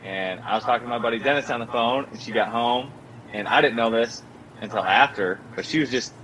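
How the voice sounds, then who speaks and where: A young man casually telling a personal story, full of "like" and acting out quotes in a higher voice. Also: fairly quick, a little hiss or hum, rough recording. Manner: animated storyteller, many filler "like"s, acts out quotes in a higher voice.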